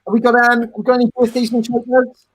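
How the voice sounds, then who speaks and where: A man's voice: very high voice, monotone, fast, breathy edge, dry recording, low-quality recording. A British man co-hosting a band podcast over a video call, joking and teasing in casual banter. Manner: jokey, teasing, tries silly accents. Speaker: podcast co-host.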